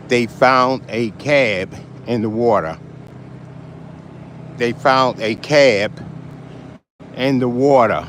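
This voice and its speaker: A man's voice: mid-range voice, slow, long pauses, a little hiss or hum. A man, a cab driver, ranting on a live stream and repeating himself over and over for emphasis. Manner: repetitive, emphatic, self-described loud mouth. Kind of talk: angry live-stream rant.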